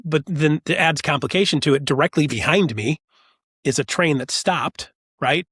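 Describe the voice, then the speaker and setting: A man telling animated stories as a podcast guest, acting out the voices of people he quotes. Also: fairly high pitch, moderate pace, husky, no echo, clean studio sound. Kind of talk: casual storytelling chat.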